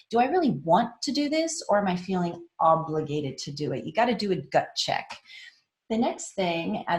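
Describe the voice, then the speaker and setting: A woman with a fairly low voice gives a casual conference talk. She is chatty and laughs often, and when she quotes people she jumps her pitch up into little acted-out voices. The room is echoey. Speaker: conference speaker. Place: online meetup talk in a room.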